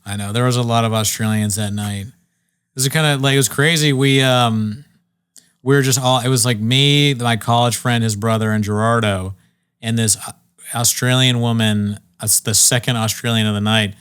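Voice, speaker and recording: Young guy from virginia rambling thru a funny story, acts out what people said, regular pitch. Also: fairly even intonation, moderate pace, a bit bright, clean tone. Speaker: podcast co-host. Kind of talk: casual comedy podcast chat.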